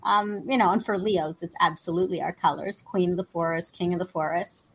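A woman chatting as a guest in a lively, playful, flirty way, joking as she talks. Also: fairly low pitch, brisk, slightly rough. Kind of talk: lively casual chat.

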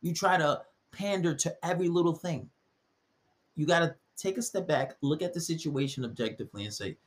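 A young man hosting a solo podcast, giving blunt, preachy dating advice and acting out quoted voices with big jumps in pitch. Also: a little fast.

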